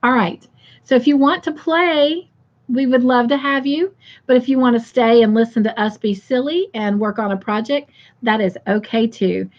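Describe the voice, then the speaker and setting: A woman's voice: a little high, normal speed, dull audio. A woman hosting a casual livestream, chatting affectionately with viewers and reading out their comments. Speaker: livestream host.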